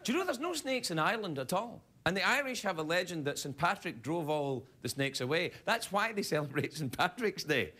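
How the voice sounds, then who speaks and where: A man's voice: high-pitched, brisk, few pauses, slight background noise. A man with a Scottish accent, hosting a late-night show and delivering a jokey comedy monologue. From Scotland. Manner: jokey, animated, slips into silly voices. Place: TV studio with live audience.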